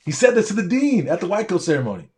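A man's voice: high voice, very animated, fast talker, a little mellow. A man, a doctor and pre-med coach, giving a motivational speech straight to his audience with a preaching, repetitive cadence.

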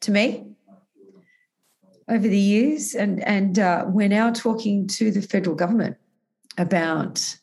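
A woman's voice: medium pitch, unhurried, gravelly, pauses often, darkish tone. A woman guest in a conversational interview, telling a personal story earnestly, with frequent restarts and self-corrections.

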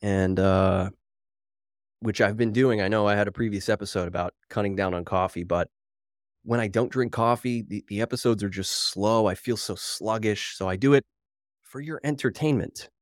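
A male podcast host giving solo commentary, reading headlines aloud with wry, animated disbelief and sounding slightly out of breath from caffeine. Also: fairly low pitch, moderate pace, no echo, studio quality.

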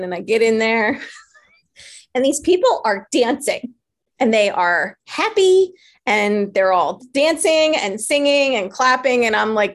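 A woman from New York telling her story casually, acting out voices and laughing often. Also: mid-range voice. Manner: animated, acts out her own and others' voices in quotes; laughs often while talking.

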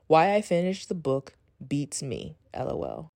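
A woman's voice: sits low, huge pitch swings, a little slow, creaky, few pauses, darkish tone, dry recording, clean studio sound. A young woman hosting a podcast, chatting casually and reading from her old journal, swearing freely and saying "like" a lot. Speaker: podcast host. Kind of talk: casual personal storytelling, reading journal entries.

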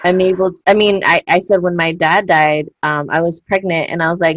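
A woman's voice: lowish voice, fairly quick, hardly any pauses, dry recording, rough recording. Candid woman telling stories, dry sound. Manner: candid, animated storytelling with frequent fillers and acted-out quotes. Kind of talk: casual chat.

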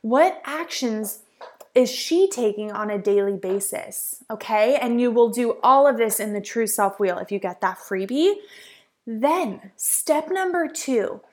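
Young woman life coach, solo podcast host, earnest and encouraging, slightly high voice. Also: expressive, a little slow. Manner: earnest, encouraging, uses many fillers.

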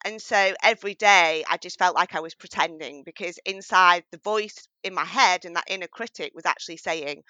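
A woman's voice: on the low side, normal speed, few pauses, sharp tone, dry recording, rough recording. A middle-aged woman from northwest England with a strong northern English accent, telling her story as a podcast guest in an upbeat, earnest way. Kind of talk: interview conversation.

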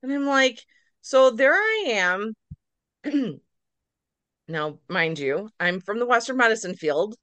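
A middle-aged woman, a nurse practitioner, telling her story as a podcast guest in a lively, casual way, acting out her own reactions. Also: fairly high pitch, slow pace, long pauses, dry recording. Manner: animated, acts out her own reactions in quotes.

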